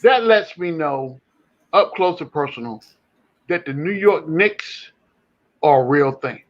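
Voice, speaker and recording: Animated man ranting about hoops, high voice, lots of swing, muffled lo-fi audio. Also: slow. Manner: animated, rambling with many restarts. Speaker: podcast co-host. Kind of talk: casual sports chat. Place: home.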